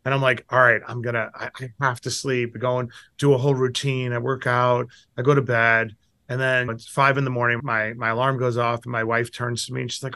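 This is a middle-aged man talking as a guest on an interview show. He tells candid stories about himself and acts out quotes with big swings in pitch. The sound is close and dry. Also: fairly quick, pushed and bright, no room sound. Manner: candid and self-deprecating. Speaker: guest investor. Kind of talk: storytelling interview answers.

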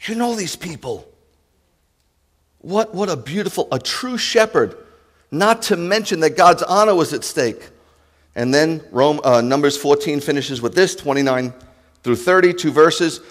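A man's voice: fairly high pitch, moderate pace. Impassioned male rabbi preaching in a reverberant hall. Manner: impassioned, swings from loud preaching to hushed. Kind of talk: sermon. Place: congregation sanctuary.

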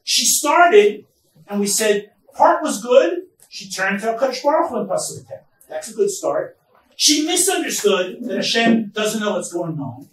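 A man teaching a Bible study class as rabbi, reading verses slowly and then explaining them with emphatic stresses. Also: high-pitched, big pitch swings. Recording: echoey room, mic far off, faint noise.

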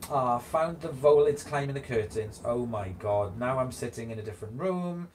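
A man's voice: medium pitch, expressive, moderate pace, darkish tone, a little hiss or hum. A man hosting a live stream, chatting casually and giggling as he reads out viewer comments.

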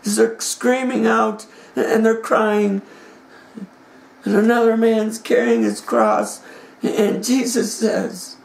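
A man delivers a dramatic sermon, passionate and theatrical, dropping to a hush and then rising to a shout. His voice has a gravelly edge, and he takes his time with every phrase. The sound rings out in a roomy, echoing space. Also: high voice, little pitch movement, slow pace. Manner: impassioned, swings from hushed to shouting. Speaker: preacher. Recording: echoey room.

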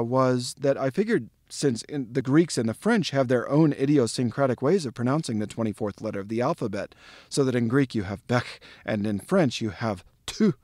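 A man in a pronunciation tutorial speaks at a middle pitch, measured and explanatory. He drills difficult words syllable by syllable. The recording is dry, with almost no room sound. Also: no echo. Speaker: literature tutor.

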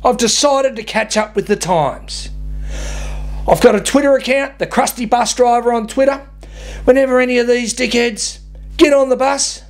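A man's voice: very high voice, vocal fry. A man, a bus driver ranting bluntly and swearing as he tells comic stories to camera. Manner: blunt, sweary, laughing at his own stories.

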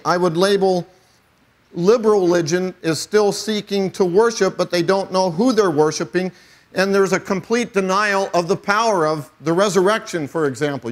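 High-voiced man preaching a sermon. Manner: emphatic preaching with wry asides. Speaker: pastor.

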